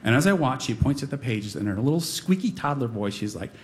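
A man's voice: mid-range voice, sing-song, fast, a little hiss or hum. A middle-aged man telling a personal story on stage before a live audience, wry and self-deprecating with comic timing.

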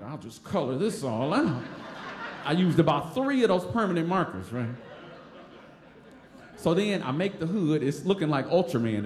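A man with a Detroit accent telling a story live on stage, animated, acting out voices and laughing often. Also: on the high side, echoey room.

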